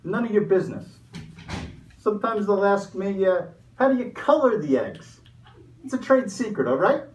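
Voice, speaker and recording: A man's voice: high-pitched, animated, moderate pace, lo-fi sound, a little hiss or hum. A man playing a greedy, smug Easter Bunny in a comedy sketch interview, talking like a pushy salesman. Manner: wisecracking, pushy salesman patter. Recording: echoey room, mic far off.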